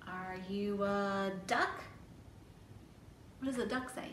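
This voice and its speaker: In an echoey library room, a woman children's librarian leads a toddler storytime, coaxing the kids and asking them questions. Her medium-pitched voice is slightly bright and unhurried, captured by a mic set well back with slight background noise.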